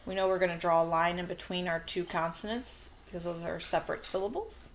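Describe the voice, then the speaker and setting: A woman teaching a children's spelling lesson, dictating words slowly and walking through how to mark each syllable. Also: fairly low pitch, a little hiss or hum. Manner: slow, stretched-out word dictation.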